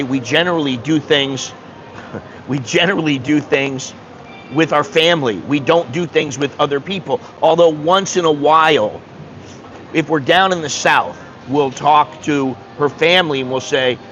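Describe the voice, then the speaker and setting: An American man talks in a casual vlog, telling stories in a blunt, animated way and swearing freely. His voice sits a little high for a man. A faint hiss of background noise runs under it. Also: normal speed, highs cut off. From United States. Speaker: vlogger. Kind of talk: casual vlog chat, reading viewer comments.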